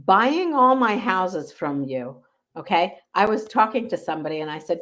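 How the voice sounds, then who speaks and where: A middle-aged woman from Hungary, chatting as a guest and laughing easily, with short quick answers. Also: fairly low pitch, big pitch swings, a bit bright. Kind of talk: casual interview chat.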